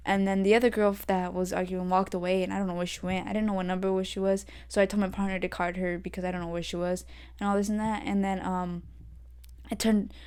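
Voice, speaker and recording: A woman's voice: medium pitch, a little mellow, smooth. Rambling young woman podcast host. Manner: rambling storytelling, many fillers. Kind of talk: solo casual rant. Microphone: desk podcast mic.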